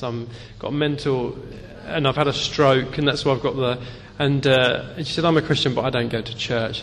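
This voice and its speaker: A man's voice: fairly high pitch, a bit bright, in a large hall, slight background noise. A man hosting a church gathering and telling his own story of praying with strangers. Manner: enthusiastic, quick encouragement. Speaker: meeting leader.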